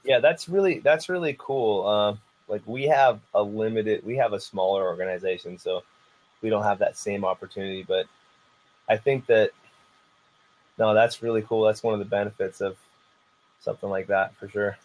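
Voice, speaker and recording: Animated man telling a story casually. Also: on the low side, normal speed, poor audio. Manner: animated storyteller, heavy use of "like". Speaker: martial arts instructor, podcast guest. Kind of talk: casual podcast conversation.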